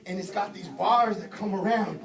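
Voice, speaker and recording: Far from the microphone in an echoing sanctuary, a middle-aged evangelist with a high male voice preaches at a moderate pace while the congregation calls out answers. Humorous and informal, he repeats phrases and builds from quiet anecdotes to loud exhortation.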